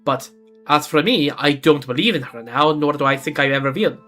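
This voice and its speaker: A man's voice: a little high, moderate pace, sharp tone, faint music behind. A man voicing a humble, earnest village carpenter in a video game, in a put-on Central European accent and stumbling now and then as he reads. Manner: reading dialogue aloud with stumbles and restarts.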